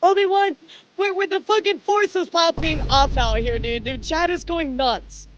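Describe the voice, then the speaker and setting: A woman's voice: extremely high pitch, moderate pace, lo-fi sound, a little hiss or hum. A woman streamer chatting live to her audience, overwhelmed and swearing, calling everyone "dude" and "guys".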